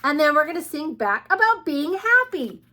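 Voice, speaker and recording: A woman's voice: sits high, very animated, normal speed, pushed and bright. A woman teaching preschoolers and reading them a picture book aloud, in a coaxing, sing-song way that keeps asking the child questions. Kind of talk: read-aloud for young children.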